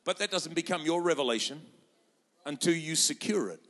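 A man's voice: fairly high pitch, lively intonation, moderate pace, pushed and bright. A man preaching a sermon as pastor, fervent and rousing, quoting scripture and acting out voices for the crowd. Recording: reverberant hall.

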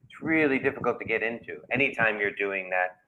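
A man's voice: on the low side, brisk, narrow, tinny audio, a little hiss or hum. A man from New York, a guest author, chatting casually over a call with many restarts and easy laughter. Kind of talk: casual podcast chat. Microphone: video call.

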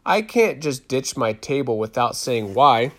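A man voicing Zemena, a lively, giggly middle-school girl at a sleepover. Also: mid-range voice, a little slow.

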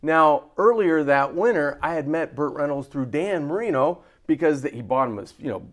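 A man co-hosting a sports talk show, telling a story in a lively way and acting out the voices of the people in it. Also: a little high, moderate pace. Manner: animated, acts out quoted voices. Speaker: co-host. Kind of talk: casual storytelling.

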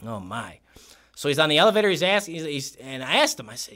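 A man hosting a podcast, telling a story in casual chat, animated and laughing often, acting out the voices of people he quotes. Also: a little high, fast. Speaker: podcast host. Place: podcast studio.

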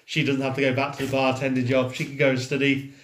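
A man's voice: mid-range voice, monotone, quick pace, slight background noise. A man co-hosting a casual film podcast, upbeat and wry as he sums up the plot. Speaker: podcast co-host. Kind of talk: casual film review chat. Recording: echoey room.

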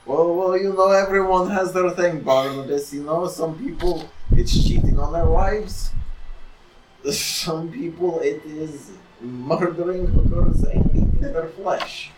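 A deadpan man plays a tabletop game, joking with a straight delivery. He speaks slowly in a slightly high voice. The recording is distant and roomy, with loud background noise. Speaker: player. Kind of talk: playing a tabletop game in character.

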